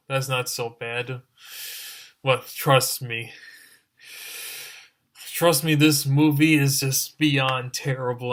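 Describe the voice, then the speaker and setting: A man's voice: mid-range voice, a bit bright. A man giving a ranting review as an online reviewer, exasperated and exclaiming over and over.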